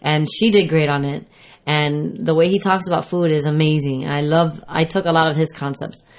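A woman's voice: low voice, fairly even intonation, moderate pace. A woman fitness trainer giving casual advice on food and exercise, rambling and correcting herself as she explains.

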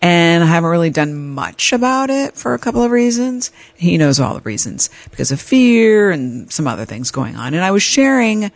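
A woman hosting an advice podcast, telling a personal story in a candid, animated way. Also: lowish voice, normal speed, hardly any pauses, dry recording. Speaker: podcast host.

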